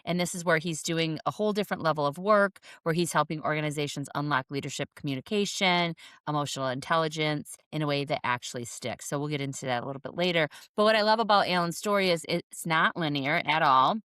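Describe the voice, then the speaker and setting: A woman's voice: sits low, fast, few pauses, fairly bright tone, smooth, dry recording, studio quality. A woman hosting a podcast interview, enthusiastic and gushing as she introduces her guest. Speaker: podcast host.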